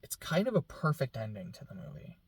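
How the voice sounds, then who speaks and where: A man's voice: medium pitch, very animated, fairly quick, slightly rough, no echo. Rambling, emotional man reviewing a film. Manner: rambling, emotional, many "like" fillers. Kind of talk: casual film reaction talk.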